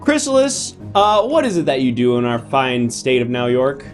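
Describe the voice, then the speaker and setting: A man hosting a live comedy stream as a mock judge, playful and exasperated, with quick asides. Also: medium pitch, big pitch swings, faint music behind. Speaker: host playing a judge.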